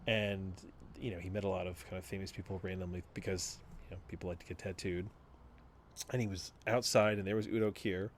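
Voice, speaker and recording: Male podcast co-host, low-pitched, loose and rambling, laughs through his stories. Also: slight background noise. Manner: rambling storyteller, laughs often, swears casually. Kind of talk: casual chat.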